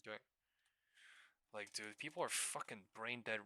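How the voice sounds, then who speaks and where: A young man hosting a live trading stream, ranting in a profane, exasperated way with sudden bursts of loudness. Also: fairly low pitch, moderate pace, no room sound. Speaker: stock trading livestream host.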